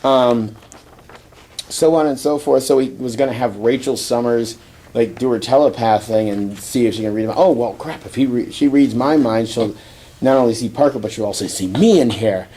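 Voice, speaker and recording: A man with a mellow, warm voice hosts a podcast and rambles through a comic book recap. He talks loosely with fillers and restarts, chuckles often, and now and then jumps into short character voices. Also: medium pitch, moderate pace, husky. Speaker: podcast host. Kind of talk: casual comic book review chat.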